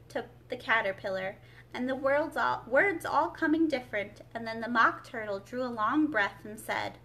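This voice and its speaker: A woman librarian reading a storybook aloud to families with clear, expressive narration. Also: fairly high pitch, normal speed. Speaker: children's librarian. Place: library children's room.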